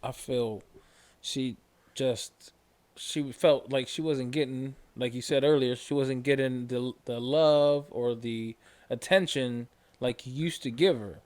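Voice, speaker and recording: A man hosts a podcast in a relaxed way, talking at a mid-range pitch. He is easygoing and supportive, with loose, slangy phrasing. He sounds like he is chatting with a friend. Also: slow pace. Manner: laid-back, supportive, slangy. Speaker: podcast host. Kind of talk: casual conversation.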